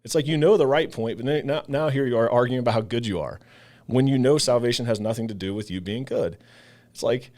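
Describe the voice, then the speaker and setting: A ministry leader who co-hosts a podcast speaks quickly in a medium-pitched, slightly mellow voice. He talks earnestly in a casual conversation about faith, acting out the voices of people he quotes, and he sounds emotional, his voice catching.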